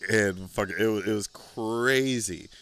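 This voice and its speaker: Low, smooth man spinning profane stories. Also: slow, a bit bright. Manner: rambling, profane, laid-back. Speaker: podcast host. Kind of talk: casual storytelling.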